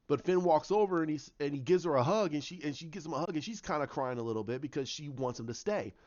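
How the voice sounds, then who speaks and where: A man's voice: on the high side, darkish tone, highs cut off. A man casually talking through a story idea, rambling with lots of restarts and acted-out bits. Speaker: fan commentator.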